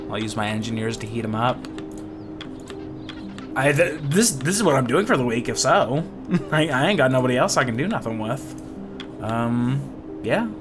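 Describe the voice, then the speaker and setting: A woman giving excitable let's-play commentary, laughing a lot and swearing. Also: rumbling low. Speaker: streamer. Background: game music.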